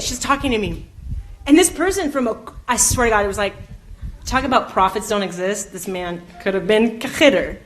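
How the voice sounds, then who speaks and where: Her voice sits a little high, moves a little fast, and has a fairly bright tone. At a youth event in an indoor community room, this twentysomething woman tells amusing personal anecdotes that steer into a faith message, often laughing, saying "like," and playing out the people involved.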